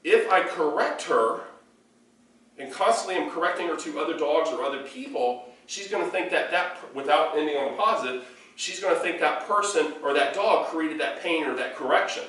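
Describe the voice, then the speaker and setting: A man leads a hands-on dog training lesson, talking in loose bursts with a lively, shifting pitch. His voice carries from a distance in an echoey indoor room, with a faint background noise underneath. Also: normal speed. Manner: explains in loose spoken bursts, with demonstrations mixed in.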